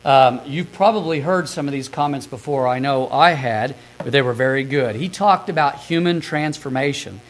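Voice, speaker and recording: Man preaching, scripture and soft asides. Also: medium pitch, poor audio. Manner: reads scripture aloud, then retells stories in a soft, quick aside. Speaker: preacher recapping a sermon. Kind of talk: sermon.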